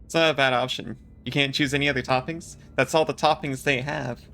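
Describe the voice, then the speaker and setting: A man's voice: medium pitch, fairly even intonation, fairly quick, gravelly, pushed and bright, slight background noise. A man casually commenting on a video game as a streamer, joking and chatting with viewers.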